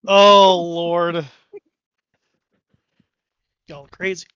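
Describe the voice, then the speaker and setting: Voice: medium pitch, level tone, drawn-out words, a bit bright, clear, resonant tone, dry recording, muffled recording. A game master narrating a tabletop game in a casual, loose way.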